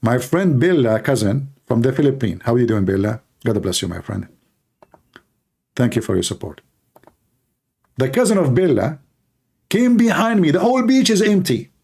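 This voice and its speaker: Joking livestream host, a man with a gravelly, warm, darker voice who mocks freely and tells stories with animation. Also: medium pitch, normal speed, pauses often. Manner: mocking, joking, animated storytelling. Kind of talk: casual comedic chat and anecdote.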